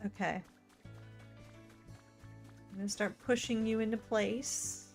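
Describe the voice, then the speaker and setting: A gaming streamer chats with her in-game companions during a casual let's-play, her medium-pitched voice moving at a slow pace. She's talkative and excitable, flipping between gushing praise and muttered grumbles, while soft game music plays faintly underneath.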